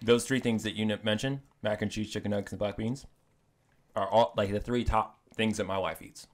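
Casting: male podcast co-host, slightly low voice, animated and joking, casual banter. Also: a little fast. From Mexican family. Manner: animated, joking, talks with mouth full. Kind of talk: casual chat.

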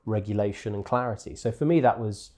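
A man with a fairly low, mellow voice speaks as a guest in a conference interview. He tells his story with animated, self-deprecating humor and sounds easygoing. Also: fairly quick. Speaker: interview guest, crypto exchange executive. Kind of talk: conversational interview. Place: conference venue.

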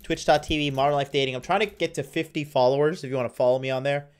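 A man's voice: medium pitch, steady tone, fast, clear, resonant tone. Rambling young man hosting a livestream. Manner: rambling, with frequent fillers and restarts. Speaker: livestream host. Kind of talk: casual livestream chat reading viewer comments.

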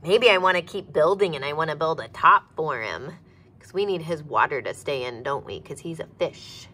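A woman leading a virtual circle time lesson for young children from her office, speaking in a sing-song, expressive way and asking the children questions. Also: low voice, normal speed, breathy edge. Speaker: preschool teacher.

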